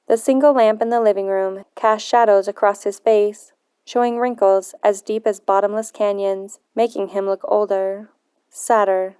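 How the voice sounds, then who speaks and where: A woman narrating a novel in the first person, in earnest, measured storytelling. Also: mid-range voice, dark tone, smooth, no echo, studio quality. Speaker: audiobook narrator.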